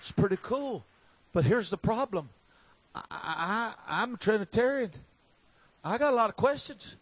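A man preaching a revival sermon in a fervent, storytelling way that builds to emphatic shouting. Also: high-pitched, lively intonation, normal speed, slightly rough. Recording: slightly dull recording.

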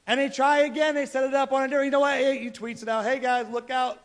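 A man with a strikingly high voice preaches, telling a scripture story in a loose, conversational way. He is animated and relaxed with his listeners. This is sermon storytelling. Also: racing. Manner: casual, animated retelling of scripture.

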